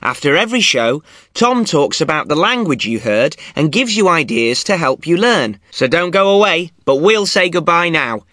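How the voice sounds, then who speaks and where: A man's voice: a little high, very animated, moderate pace, pushed and bright, no room sound. A man hosting a learner podcast with a dry, mock-weary manner and scripted presenting. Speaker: podcast host.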